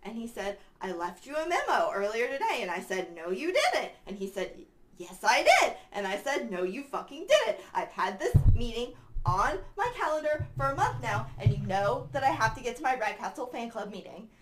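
A woman's voice: fairly high pitch, very animated, normal speed, reverberant, background noise. A woman playing a frazzled, apologetic female superfan who swears as she tells stories. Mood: flustered. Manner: breathless storytelling, apologetic and swearing.

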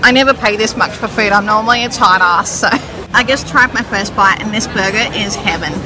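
A woman's voice: mid-range voice, fairly quick. A young Australian woman chatting casually to her camera while shopping, giggly and self-mocking. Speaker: vlogger. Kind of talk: casual vlog chat. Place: busy shopping centre food court. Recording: loud crowd and background music.

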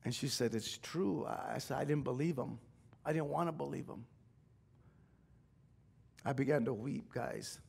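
A middle-aged man, a pastor, preaching a sermon in a church, telling a personal story in an emotional, confessional way that swells at times into shouting. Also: mid-range voice, normal speed, vocal fry, long pauses, husky. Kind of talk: sermon testimony. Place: church sanctuary.

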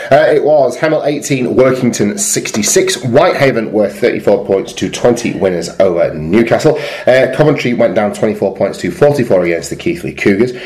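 A man's voice: on the low side, lively intonation, fairly quick, hardly any pauses, darkish tone. A man hosting a sports podcast, reading out results and fan reports in casual chat. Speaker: podcast host.

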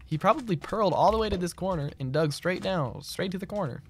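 A man's voice: high-pitched, expressive, quick pace, a little hiss or hum. Slangy gamer guy streaming live. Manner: loose, slangy, rambling, answers chat. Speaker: game streamer. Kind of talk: casual live-stream chat. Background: keyboard clicks and typing.

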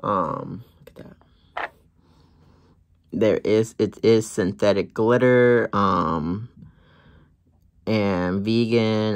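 A brand owner showing off lip glosses in a relaxed vlog, filmed in a corner of their home, with plenty of ums and gentle asides. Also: mid-range voice, vocal fry. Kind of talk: product showcase vlog.

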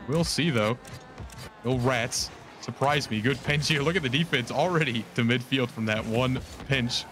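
A man calling esports play-by-play in a quick, rambling way, often correcting himself mid-sentence. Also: medium pitch, fairly bright tone, slight background noise. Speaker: play-by-play caster.

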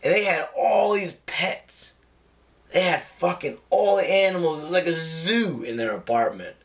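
A man's voice: on the high side, lively intonation, moderate pace, vocal fry. Laid-back young man telling a wild story. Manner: laid-back, laughs often, swears freely. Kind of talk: casual storytelling.

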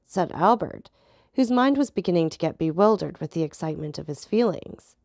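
A woman narrating an audiobook of a classic novel aloud with steady, even storytelling. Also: lowish voice, a little fast, creaky, no room sound, studio quality.

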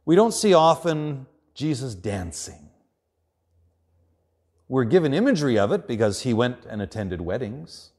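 A man preaching a sermon as pastor, earnest, often dropping quiet and slow for emphasis. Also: mid-range voice, big pitch swings.

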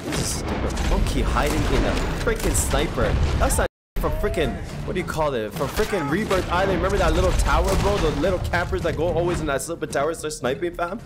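A young man livestreaming a game, his slightly high voice swinging up and down as he rants. He sounds exasperated and slangy. Game music plays behind him. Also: lively intonation, fairly quick. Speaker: gaming streamer. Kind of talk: live gameplay commentary.

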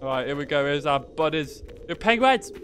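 A man giving casual, joking gameplay commentary, excitable and swearing freely. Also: a little high, a little fast, a little hiss or hum. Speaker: gaming youtuber.

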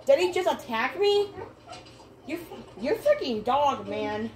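A woman giving let's play commentary, excitable and repetitive, calling everyone "bro" and "man" and shouting at the screen. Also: high voice, slow, a little hiss or hum. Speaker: gamer.

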